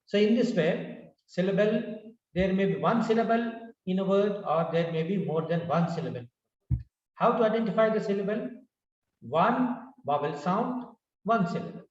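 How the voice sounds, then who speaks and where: A man with an Indian English accent teaches a pronunciation lesson, repeating each word several times to drill it. His voice sits high and is expressive and a little mellow, at normal speed, in a roomy, distant, dull lo-fi recording.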